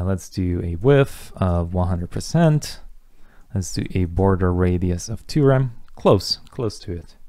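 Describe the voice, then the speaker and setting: A young man teaching a coding lesson, talking through each step as he types, with relaxed asides. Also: sits low, dry recording, clean studio sound. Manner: talks through steps while typing, relaxed asides. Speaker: coding instructor. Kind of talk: casual screen-recorded coding tutorial.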